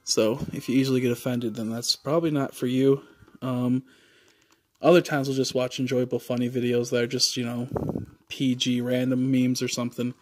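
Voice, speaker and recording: A man's voice: mid-range voice, little pitch movement, normal speed, soft background music. A man livestreaming, chatting casually and rambling with many fillers and casual swearing.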